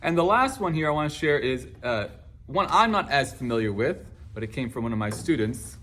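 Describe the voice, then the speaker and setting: A man, a choir teacher, explaining warm-up exercises in casual teaching talk, now and then breaking into song. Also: mid-range voice, a little fast, a little hiss or hum. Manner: animated, bursts into singing and acted class responses.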